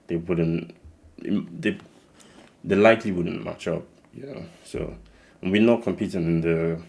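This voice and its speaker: A young man with a Nigerian-tinged accent casually introducing his channel, rambling with many restarts and fillers. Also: sits low. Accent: Nigerian English mixed with slight American. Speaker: channel host.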